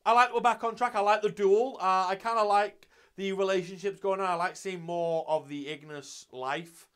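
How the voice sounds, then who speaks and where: A man's voice: high-pitched, steady tone, normal speed, a bit bright, smooth. A young man hosting his channel, giving a loose, sweary, casual review of an anime episode with lots of restarts.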